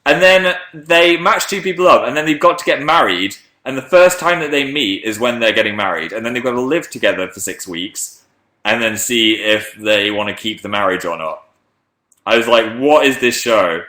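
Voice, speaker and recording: A man with a bright, clear voice chats casually on a livestream. He reads out viewer messages and wanders off on tangents in a rambling, self-deprecating way, pitched at a middle, ordinary level. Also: normal speed. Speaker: livestream host.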